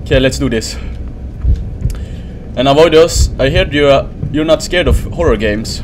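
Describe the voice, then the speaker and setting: A man's voice: medium pitch, normal speed, background noise. A man giving nervous let's play commentary on a horror game, swearing and laughing nervously. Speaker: gamer.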